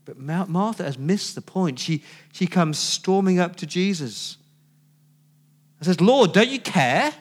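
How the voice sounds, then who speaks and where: Aussie pastor guy preaching, chatty storytelling, slightly high voice. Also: measured pace, pauses often. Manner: conversational storytelling, rhetorical questions. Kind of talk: sermon.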